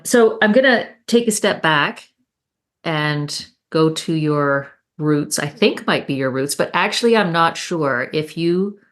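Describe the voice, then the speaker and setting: A woman hosting a casual interview, phrasing her questions thoughtfully and searching for words. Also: low voice. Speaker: podcast host.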